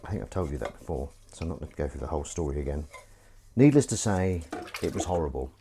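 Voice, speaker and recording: This man's very deep, mellow voice has lively intonation and a quick pace, with a little hiss or hum in the recording. Washing up at home in his kitchen among clinking dishes and pans, he chats casually on a live stream, rambling and mocking himself.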